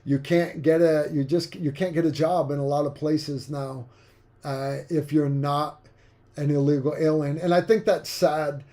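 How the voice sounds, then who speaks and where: Middle-aged guy hosting a stream, frank and rambling, slightly high mellow voice. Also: level tone, unhurried. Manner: rambling, frank, full of fillers and restarts. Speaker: livestream host. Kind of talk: casual livestream chat.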